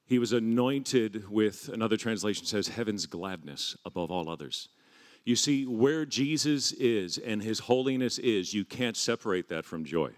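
A man's voice: lowish voice, animated, moderate pace. A man preaching a sermon in a jovial teaching tone, often laughing as he goes.

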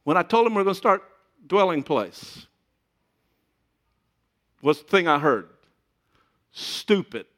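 A man's voice: high voice, big pitch swings, a little slow, long pauses, fairly bright tone. A middle-aged man preaching a sermon in a conversational way, with joking asides to the congregation. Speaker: pastor.

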